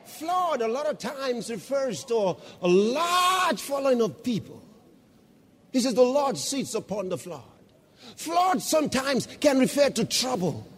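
A man preaching a sermon as pastor, reading scripture slowly and then breaking into shouts of praise. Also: extremely high pitch, sing-song, husky, big-room sound. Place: church.

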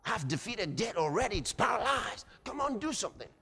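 A man's voice: high-pitched, very animated, fairly quick, creaky, sharp tone, husky, exaggerated voice. A man voicing God as a male figure who urges his children to act, coaxing and insistent. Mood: urging. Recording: reverberant hall.

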